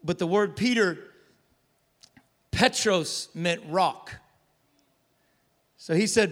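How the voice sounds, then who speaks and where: A male pastor preaching a sermon with call-and-response, building up to shouts. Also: high-pitched, slow pace, long pauses. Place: large church hall. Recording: long hall reverb.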